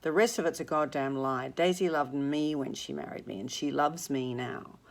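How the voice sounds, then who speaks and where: A woman's voice: low-pitched, normal speed, gravelly. A woman reading the lines of a blustering wealthy man in a novel, in a blunt, dismissive tone. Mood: scornful.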